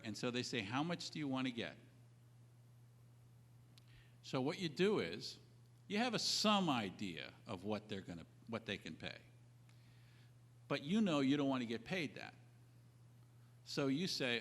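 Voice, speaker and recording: A man's voice: mid-range voice, wildly swooping pitch, unhurried, pauses often, pushed and bright. Man lecturing on pricing, voice swoops up and down a lot, repeats himself for emphasis, echoey old tape. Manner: emphatic, repeats key points; acts out both sides of a deal. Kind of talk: animated advice talk. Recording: reverberant old audio recording.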